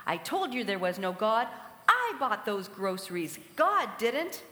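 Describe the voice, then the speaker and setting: A woman voicing an angry, gloating male neighbor who speaks loudly, in an echoey hall. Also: medium pitch, big pitch swings, measured pace. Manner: loud, gloating declaring. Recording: echoey hall with long reverb.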